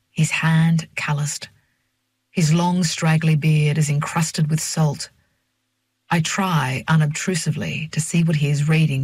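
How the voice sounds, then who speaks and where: An older woman reads a first-person story in a measured, reflective voice. Her tone is husky and breathy. The recording is close and dry, with no room sound. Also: deep voice, darkish tone, dry recording. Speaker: narrator. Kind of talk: first-person audiobook narration.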